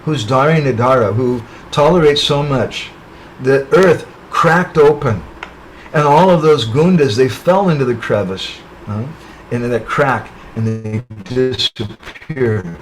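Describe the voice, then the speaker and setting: A man of medium pitch narrates a parable in a sermon. He speaks over an online webinar call and keeps checking in with the listeners through short tag questions. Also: measured pace, faint music behind, rough recording. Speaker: spiritual speaker. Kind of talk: storytelling sermon.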